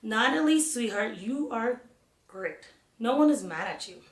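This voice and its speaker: A woman reading the part of a gentle, worried father who soothes his daughter, in a storybook read-aloud. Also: fairly high pitch, animated, unhurried. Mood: reassuring. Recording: roomy echo.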